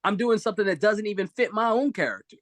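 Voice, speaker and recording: A man's voice: high-pitched, fast talker, a bit bright, no echo. A man speaking expressively on a live video-call talk show, giving emphatic motivational advice.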